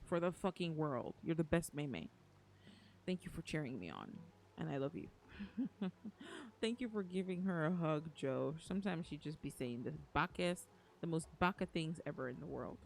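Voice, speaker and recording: A woman's voice: sits low, lively intonation, normal speed, creaky, slight background noise. A woman streaming a video game live, talking emotionally and repeating pleading phrases as she plays. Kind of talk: live gaming stream chat. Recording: game music playing behind.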